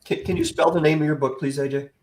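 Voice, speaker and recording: A man's voice: on the high side, steady tone, fast, a little mellow, reverberant. Teasing man co-hosting a panel. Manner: teasing, playful. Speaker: panel co-host. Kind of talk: casual panel chat.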